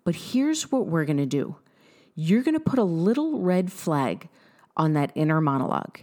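A woman in her thirties talks listeners through a mindset exercise in a direct, upbeat way. Her voice sits a little low for a woman, and she leans hard on key words with quick bursts of emphasis. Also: very animated, dark tone. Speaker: mindset coach. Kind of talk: coaching talk to listeners.

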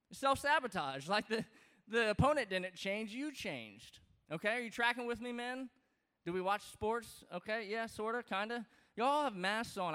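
A man from Louisiana, preaching a sermon in a relaxed, joking way with many fillers and restarts. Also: high-pitched, smooth. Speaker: pastor. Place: large church auditorium. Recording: reverberant hall.

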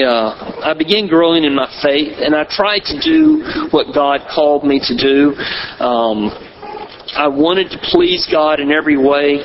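A pastor preaching in a slow, measured way, leaning on pauses for emphasis. His voice sits a little high for a man. The recording sounds dull and lo-fi, with faint room noise. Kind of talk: sermon.

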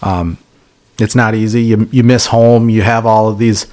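Earnest low-voiced male podcast host. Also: flat delivery, normal speed, darkish tone. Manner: earnest, encouraging, thanks listeners. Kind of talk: casual chat.

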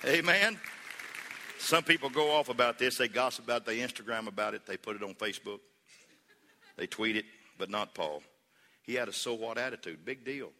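A male pastor delivering a sermon, moving from easy conversational talk to loud, rhythmic preaching. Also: fairly low pitch. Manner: builds from conversational to shouting, preacher cadence. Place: church sanctuary. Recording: long hall reverb.

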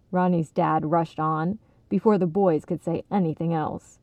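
A woman reading a children's story aloud as narrator, in an expressive, measured way. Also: lowish voice, no echo. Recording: tinny phone-like sound, dry.

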